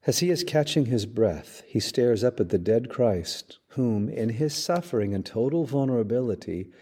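A priest hosting a podcast, giving a measured sermon-style reflection with dramatic storytelling. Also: male voice, mid-range voice, animated, dark tone, breathy edge.

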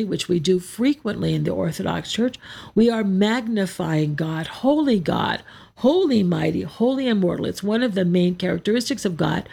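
A woman's voice: mid-range voice, gravelly, mellow, husky. A woman giving a scripture teaching talk as an Orthodox Christian Bible teacher, explaining verses and asking her listeners rhetorical questions.

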